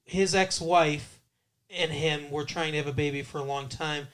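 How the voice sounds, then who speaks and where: A man with a fairly high voice co-hosts a loose movie-review chat. He rambles through his points, jokes constantly and drops into short silly voices. The tone stays casual and unscripted. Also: fairly even intonation, normal speed, fairly bright tone. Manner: playful, rambling, breaks into bits of funny voices. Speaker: podcast co-host.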